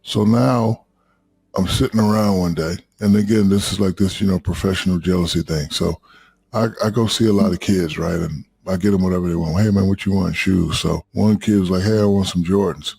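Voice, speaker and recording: A man in his fifties telling stories as a podcast guest, profane and animated, acting out quotes. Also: a little fast. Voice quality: deep gravelly husky voice. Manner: profane, animated storyteller who acts out quotes. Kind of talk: casual storytelling chat.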